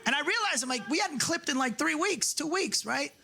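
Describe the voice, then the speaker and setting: A man's voice: extremely high pitch, expressive, fairly quick, creaky, bright, forceful tone. Brash, profane stand-up comic man. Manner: brash, profane storytelling with acted-out voices. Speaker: stand-up comedian. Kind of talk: stand-up routine. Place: comedy club stage with laughing audience. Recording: live club recording with audience noise.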